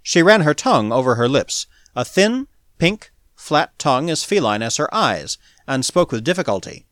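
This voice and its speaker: The narrator's voice leans high as he reads an audiobook, expressive but measured, like a storyteller. It's a clean studio recording without any room sound.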